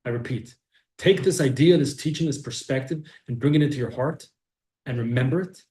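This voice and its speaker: A man teaching a class, acting out little scenes in an animated way. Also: mid-range voice, fairly quick. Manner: animated, acts out scenes with shifts of voice. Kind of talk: lively class lecture with acted voices. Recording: echoey room.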